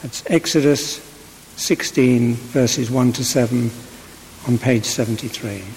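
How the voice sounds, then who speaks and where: A man reading Bible passages aloud at a church service, measured and deliberate, lifting his voice for the quoted lines. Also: mid-range voice, darkish tone, slight background noise. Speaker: scripture reader at a church service. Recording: long church reverb.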